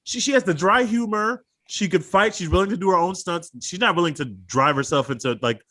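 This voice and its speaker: Bright-voiced excited podcast guy. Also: sits high, brisk. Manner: enthusiastic, rambling, swears casually. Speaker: podcast co-host. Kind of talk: casual chat.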